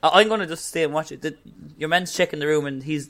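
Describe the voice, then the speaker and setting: A man's voice: fairly high pitch, quick pace, fairly bright tone. A man playing a tabletop game, joking and laughing easily with the group. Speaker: player. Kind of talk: casual game chat.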